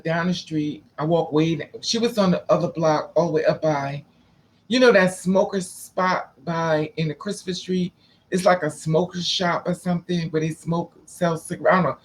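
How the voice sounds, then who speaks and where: A man telling a personal story in a casual, profane, dramatic way, acting out the people in it. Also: fairly high pitch. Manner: profane, dramatic, switching between quoted voices.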